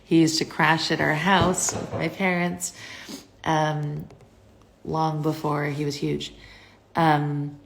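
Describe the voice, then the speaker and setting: A woman's voice: sits low, level tone, slow, creaky, slight background noise. A young woman from the US, casually chatting on a phone live stream and answering viewer questions in a rambling way, with lots of fillers. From United States.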